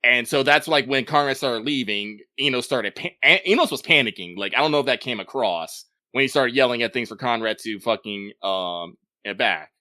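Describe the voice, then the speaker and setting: A man with a bright, forward voice talks in long, loose runs, swearing freely and correcting himself mid-sentence. He is a podcast co-host in casual conversation, recorded close and dry. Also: mid-range voice, moderate pace, hardly any pauses, no room sound.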